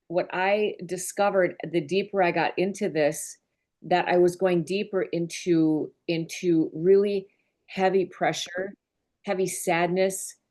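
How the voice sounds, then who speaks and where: Woman business mentor, lowish voice, earnest and open, heartfelt group-call talk. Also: a little mellow. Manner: earnest and openly emotional, conversational. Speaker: business mentor and team leader.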